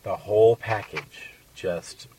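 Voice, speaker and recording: A man on a podcast casually telling a crude dating story, animated and swearing. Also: on the low side, slow, husky, far from the mic, low-quality recording. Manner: crude, animated, acts out quotes.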